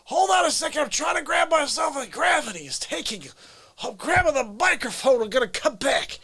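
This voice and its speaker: A man voicing a rowdy, boozy male character in live improv comedy, shouting and breaking into giggles. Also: extremely high pitch, lively intonation, fairly quick, dry recording, exaggerated voice. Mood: slurring. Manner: squealing shouts and giggling fits. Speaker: livestream comedy host.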